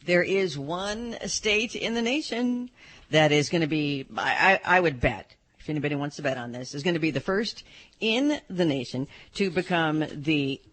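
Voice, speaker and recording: A husky woman co-host reading the news on a radio show. She sounds playful, with a low voice that swoops up and down a lot. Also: expressive, moderate pace, fairly bright tone. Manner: playful, giggly. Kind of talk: radio chat.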